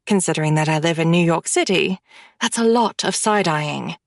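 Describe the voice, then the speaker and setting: A woman's voice: fairly low pitch, moderate pace, gravelly, no room sound, studio quality. Wry woman narrating an audiobook. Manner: wry, blunt, profane. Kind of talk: scripted first-person narration.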